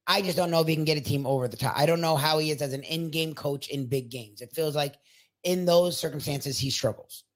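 A man co-hosting a sports betting talk show, speaking in a measured, mildly exasperated way. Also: a little high.

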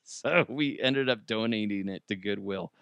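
A man's voice: fairly low pitch, moderate pace, vocal fry, fairly bright tone, smooth, no room sound. A man from Colorado hosting a casual podcast, rambling and joking at his own expense. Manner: rambling, self-deprecating, jokey asides. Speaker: podcast host. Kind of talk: casual solo chat.

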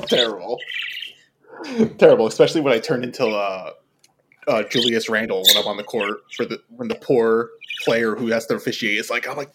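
A man hosts a casual basketball fan podcast, joking, poking fun at himself and slipping into animated quoted voices. He speaks a little fast at a medium pitch, with a bit of hiss or hum in the audio.

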